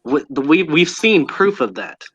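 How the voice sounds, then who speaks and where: A man on a discussion panel who speaks haltingly and often restarts his sentences. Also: fairly high pitch, expressive, fairly bright tone, breathy edge. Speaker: panel guest. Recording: muffled lo-fi audio.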